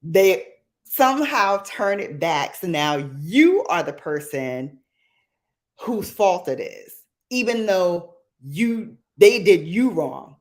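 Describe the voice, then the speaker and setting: A middle-aged woman chats on her livestream. Her voice sits fairly low, swings widely in pitch and leaps to squeals, and she takes her time with the words. The manner is sassy and animated. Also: takes it slowly. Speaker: livestream host. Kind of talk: casual livestream chat.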